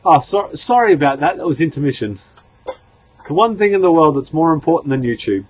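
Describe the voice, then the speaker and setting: A middle-aged man hosting a casual live stream from home, talking in a relaxed, chatty way with frequent ums and restarts as he answers viewers. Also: a little high, a little fast, low-quality recording. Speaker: livestream host answering chat questions.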